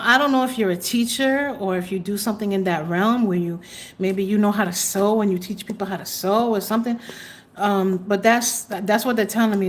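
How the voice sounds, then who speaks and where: A woman's voice: mid-range voice, slight background noise. A woman hosting a live tarot reading, chatty and exclamatory, trailing off into fillers as she reads cards for viewers. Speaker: tarot reader and livestream host.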